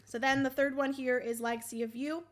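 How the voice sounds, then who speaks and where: A woman hosting a board game livestream, explaining the rules casually with many ums and a throaty morning voice that she keeps clearing. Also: sits high, steady tone, fairly quick, soft background music. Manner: chatty, many ums, thinks aloud.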